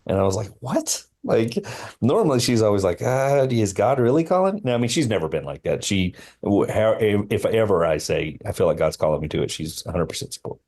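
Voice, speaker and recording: A man, a film line producer, telling a personal story as a podcast guest in an earnest, halting way with many fillers and restarts. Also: sits low, expressive, darkish tone, husky.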